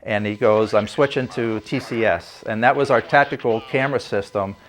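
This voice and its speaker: An older man, a former Navy fighter pilot, telling a story for a documentary interview in a relaxed, anecdotal way with frequent fillers. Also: on the low side, moderate pace.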